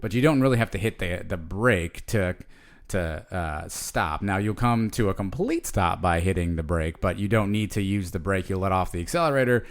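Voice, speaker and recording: A man in his forties with a fairly low voice talks loosely on a podcast. He wanders through his thoughts, piling up fillers and restarting his sentences as he goes. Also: normal speed. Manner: rambling, with many fillers and restarts. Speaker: podcast co-host. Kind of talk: casual chat.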